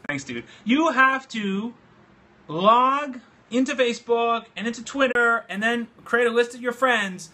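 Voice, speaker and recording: Male livestream host, bright and high, boozy and excitable, swears casually, home studio. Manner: excitable, loose and swearing, drinking beer while talking. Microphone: phone livestream app.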